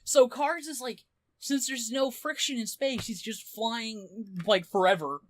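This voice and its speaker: A woman's voice: on the high side, measured pace. A young woman co-hosting a podcast, retelling a story in casual chat and acting out the characters' lines. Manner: animated plot retelling, acting out quotes. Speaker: podcast co-host.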